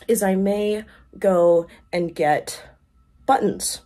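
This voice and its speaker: A woman's voice: mid-range voice, animated, measured pace, a little mellow, low-quality recording. A young woman from Canada, a musician talking casually to her vlog camera, chatty and self-mocking. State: rough throat. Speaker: musician vlogger.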